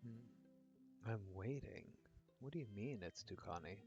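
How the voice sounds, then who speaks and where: A man's voice: on the low side, expressive, a little slow, darkish tone. A man streaming a game, chatting casually with his viewers in a rambling way. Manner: chatty, rambling, frequent fillers and laughs. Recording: dull lo-fi audio with faint music.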